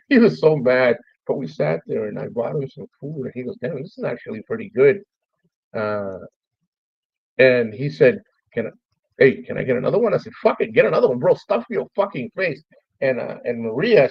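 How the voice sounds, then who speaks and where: A man's voice: medium pitch, dry recording, highs cut off. A man giving a heartfelt, rambling memorial talk about a lost friend, swearing casually. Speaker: streamer. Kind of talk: emotional memorial monologue.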